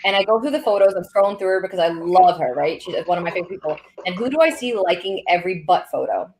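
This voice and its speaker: A woman co-hosting a live podcast, telling personal stories in casual, animated chat. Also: fairly low pitch, fast, slight background noise, poor audio. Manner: animated storytelling with laughs. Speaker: podcast co-host. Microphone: studio podcast mic.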